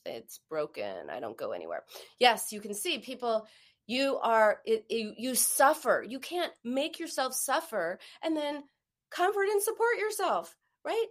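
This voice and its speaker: A woman hosting a live-streamed self-help talk, speaking earnestly in a coaching manner and now and then acting out a harsh inner voice. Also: mid-range voice. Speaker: host of a live stream on emotional eating.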